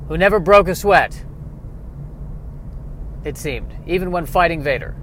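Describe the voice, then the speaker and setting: A man's voice: a little high, measured pace, a little hiss or hum. Man riffing through a silly monologue. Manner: self-mocking, riffing, jumps between hush and bursts. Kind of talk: rambling comedic monologue.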